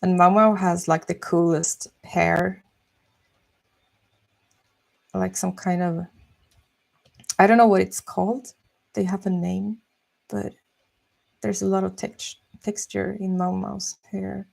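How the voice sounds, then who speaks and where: A young woman chatting softly and musing slowly while she draws on a live stream. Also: medium pitch, level tone, vocal fry. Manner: soft-spoken, slow and musing. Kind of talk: casual chat while drawing.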